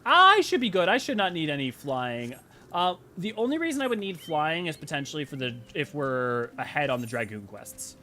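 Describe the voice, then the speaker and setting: A male game streamer giving casual, jokey commentary as he plays. His voice is bright and slightly high. His pitch swings widely as he rambles and riffs on the game. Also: big pitch swings, normal speed, a little hiss or hum. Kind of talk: casual let's-play commentary.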